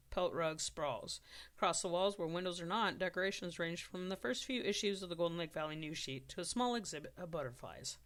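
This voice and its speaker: A middle-pitched storyteller reads an unpolished story draft aloud. The reading is steady and plain, with now and then a stumble and a quick fix. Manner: steady reading with occasional self-corrections. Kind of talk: storybook narration.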